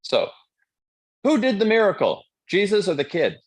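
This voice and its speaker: A man giving a live-streamed motivational talk, joking and conversational, checking in with his audience with quick questions. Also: high-pitched, huge pitch swings, breathy edge. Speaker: motivational speaker.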